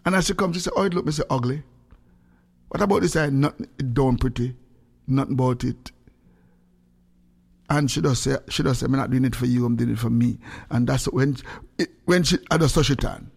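A man hosting a radio show, telling stories in casual patois with sudden high-pitched outbursts. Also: a little fast, gravelly, pauses often, husky. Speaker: radio host.

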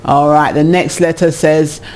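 A man's voice: on the high side, little pitch movement, a little slow, darkish tone. A man hosting a casual advice show, reading listener letters and giving frank opinions, laughing often.

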